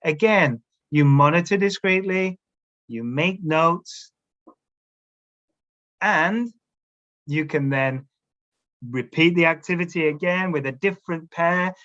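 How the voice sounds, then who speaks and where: Man, slightly high voice, teacher trainer, coaching manner, muffled webinar audio. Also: slow, long pauses, fairly bright tone. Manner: coaching tone, keeps checking in with "all right?". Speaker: teacher trainer presenting a workshop. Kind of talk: instructional webinar talk. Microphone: video call camera setup.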